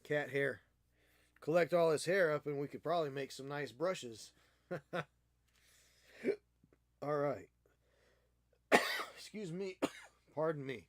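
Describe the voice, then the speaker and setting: A man chats casually while painting miniatures on a stream. His voice sits a little high, and he slips into playful, teasing baby-talk aimed at his cat. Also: takes it slowly, pauses often, no room sound.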